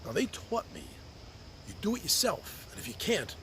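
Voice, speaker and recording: Guy reading a personal open letter on his podcast, fairly high voice that swings up and down a lot, heartfelt. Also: huge pitch swings, normal speed, pushed and bright, a little hiss or hum. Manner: heartfelt and reflective, with a few repeated restarts. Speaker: podcast host writing to his birth mother.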